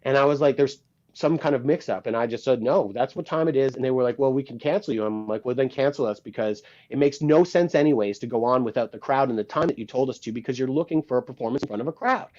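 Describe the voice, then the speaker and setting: A man's voice: mid-range voice, fast talker. A man being interviewed as a guitarist and producer, telling stories in a casual way and acting out what people said, with some swearing. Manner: animated, acts out quoted dialogue, swears casually. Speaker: guest musician, guitarist and producer. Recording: dull lo-fi sound.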